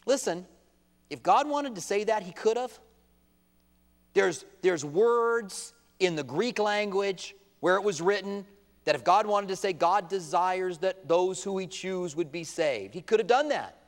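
Man preaching, high voice, impassioned, emphatic bursts, long church-hall reverb. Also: animated, measured pace. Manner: impassioned, rising to emphatic outbursts, quotes opponents in mock voices. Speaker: pastor. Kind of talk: sermon. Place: church sanctuary at a pulpit.

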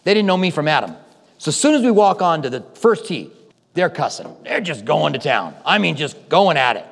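A man preaching as a pastor has a slightly high, somewhat bright voice with vocal fry and a sing-song, brisk delivery. He shares stories conversationally, voicing people's lines himself, in a reverberant hall.

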